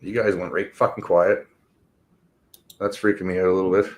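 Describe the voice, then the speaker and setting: A man's voice: sits low, level tone, moderate pace. A middle-aged man ranting in casual chat, profane and rambling, laughing as he talks. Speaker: podcast host.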